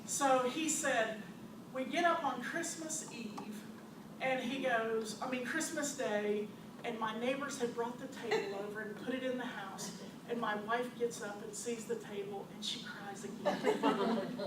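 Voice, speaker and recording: A woman who owns a store, telling animated customer stories to an audience with frequent laughter. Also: a little high, unhurried. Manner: animated, laughs often, acts out customers' quotes. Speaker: store owner presenting to a business audience. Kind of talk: storytelling presentation. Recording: distant, echoey, noisy room recording.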